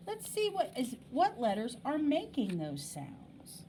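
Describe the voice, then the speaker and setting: A woman's voice: fairly high pitch, wildly swooping pitch, a little slow, hardly any pauses, dark tone, recorded from a distance, a little hiss or hum. A woman teaching a phonics lesson to young children, patiently asking questions and stretching out words to demonstrate them. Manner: exaggerated word pronunciation, patient questions to young students. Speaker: elementary school teacher.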